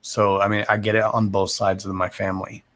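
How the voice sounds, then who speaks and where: A man in his thirties with a somewhat low voice who mumbles his words. He talks in a loose, rambling, foul-mouthed way, like someone chatting live to viewers while reading cards. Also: level tone, a little fast, a bit bright. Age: 30s. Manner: profane, rambling and self-deprecating. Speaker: card reader. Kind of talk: casual livestream chat.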